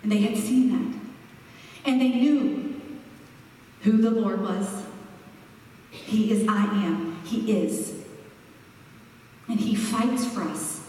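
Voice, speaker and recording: A woman preaching a sermon, expressive and slowing down for emphasis. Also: medium pitch, slight background noise. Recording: echoey hall, mic far off.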